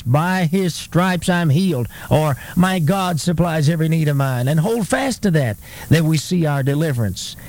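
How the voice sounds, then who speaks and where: Emphatic gravelly radio preacher, a man. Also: fairly high pitch, a little mellow, slight background noise. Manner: emphatic, rising to fervent declarations. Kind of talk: radio sermon.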